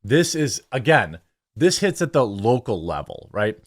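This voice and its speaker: A man's voice: medium pitch, big pitch swings, measured pace, fairly bright tone, dry recording, clean studio sound. A man hosting a political commentary show, reading news articles aloud and breaking in with sarcastic, opinionated remarks. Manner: sarcastic, opinionated asides between quoted passages.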